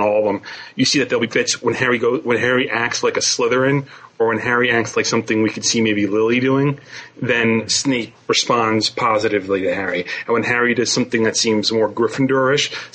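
A man's voice: fairly low pitch, sharp tone, slightly rough, rough recording. A man co-hosting a podcast, talking things through in a thoughtful, talkative way. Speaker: podcast co-host. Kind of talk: casual podcast discussion.

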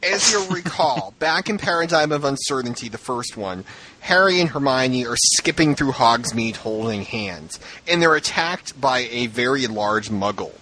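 A man's voice: medium pitch, expressive, moderate pace, crowd noise, rough recording. A man co-hosting a casual chat show, ranting animatedly and acting out quotes in raised voices. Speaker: podcast co-host.

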